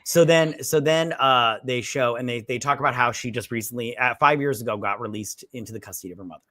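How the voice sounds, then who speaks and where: Man, casual movie chat, rambling, mid pitch, dry close sound. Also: fast, sharp tone, no echo. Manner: rambling, retells scenes with quoted lines. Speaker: podcast co-host.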